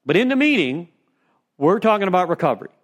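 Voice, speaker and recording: Speaking fast with big swings in pitch from a fairly high register, a man guides a recovery step study. His informal talk to the group in a meeting room wanders through stories peppered with "you know."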